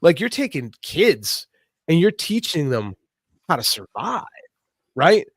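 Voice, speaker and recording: A man co-hosting a podcast in casual chat, emphatic and animated. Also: on the high side, takes it slowly, breathy edge, dry recording, clean studio sound. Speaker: podcast co-host.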